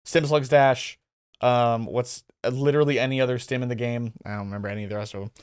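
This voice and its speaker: A man's voice: mid-range voice, fairly even intonation, quick pace, clean tone. A man co-hosting a casual tabletop gaming talk, reading rules aloud and then chatting about them, laughing easily. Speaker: co-host.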